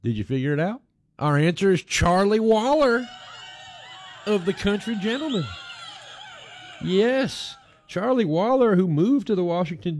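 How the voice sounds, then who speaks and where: A man's voice: high voice, darkish tone, slight background noise. A man hosting a music radio show, chatting in a folksy, joking way and laughing often. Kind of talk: casual radio chat.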